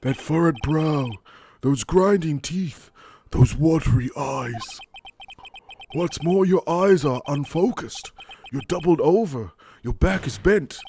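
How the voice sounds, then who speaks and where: A man reading out a slow, solemn game character. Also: a little high, lively intonation, darkish tone, a little hiss or hum, pitched above the performer's own voice. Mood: accusing. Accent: Australian.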